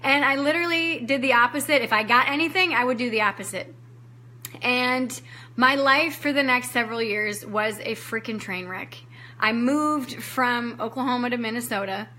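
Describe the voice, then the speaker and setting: Bright-voiced woman telling a candid story. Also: on the high side, moderate pace. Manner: candid, emotional storytelling, acting out her own past lines, casual swearing. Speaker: life coach giving a training. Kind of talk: personal story in a live online training.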